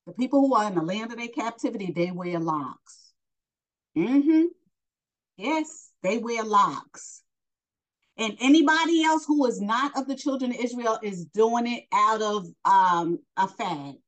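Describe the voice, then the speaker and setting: A woman's voice: a little high, lively intonation, measured pace, low-quality recording. A woman from New York giving a Bible lesson, reading verses and then retelling them in blunt everyday slang, asking the listener questions and answering them herself. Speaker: Bible teacher.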